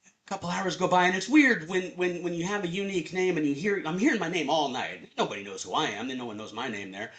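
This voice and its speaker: A man in his fifties telling a personal story at a live storytelling event, conversational and animated. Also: fairly high pitch, fast talker. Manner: animated, conversational, acts out voices.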